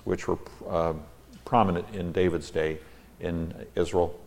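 A man's voice: low-pitched, steady tone, darkish tone, long reverb tail. A man teaching a Bible lesson, reading scripture aloud with strong emphasis and stopping for plain explanatory asides. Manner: reads verses with rising emphasis, slows for stress.

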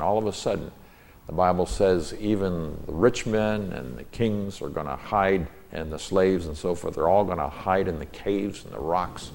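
A man teaching a Bible lesson, reading the verses aloud in a measured, deliberate way and then explaining them word by word. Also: low-pitched, gravelly, a little mellow, a little hiss or hum.

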